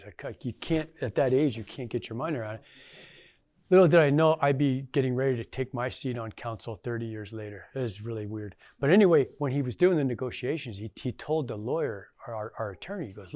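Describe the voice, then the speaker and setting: A man's voice: mid-range voice, fairly quick, darkish tone, no echo. A middle-aged man, a former tribal council member, giving a casual storytelling talk to an audience, folksy and anecdotal with lots of fillers.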